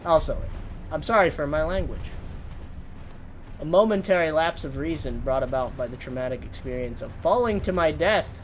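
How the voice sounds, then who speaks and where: Young male streamer, fairly high voice, rambling and jokey, with sudden yelps. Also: animated, normal speed, a little hiss or hum. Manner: rambling, swears, bursts into sudden yells. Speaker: gaming streamer. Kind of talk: casual gameplay commentary.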